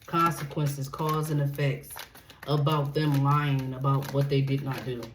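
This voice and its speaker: Speaking a little slowly in a bass voice, a tarot reader delivers her reading bluntly and with plenty of profanity. She checks in with "okay?" after almost every point, recorded in an echoey space with constant background noise.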